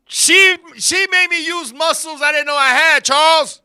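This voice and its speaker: Man, very high voice, sharp tone, crude comic storytelling, animated. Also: unhurried. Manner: animated, swings between loud bursts and low asides; profane, repeatedly addresses a listener by name.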